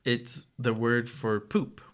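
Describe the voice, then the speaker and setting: A man's voice: mid-range voice, flat delivery, takes it slowly. A man from New Mexico, co-hosting a podcast and carefully explaining a word's meaning, adding clarifications. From New Mexico, USA. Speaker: podcast co-host. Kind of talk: casual chat.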